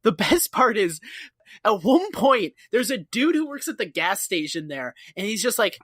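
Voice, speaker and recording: A man's voice: sits high, normal speed, dry recording. Guy on a podcast, swears a lot, voice jumps all over, super dry sound. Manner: animated, profane, acts out characters. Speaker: podcast co-host. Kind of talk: casual chat recapping a sitcom episode.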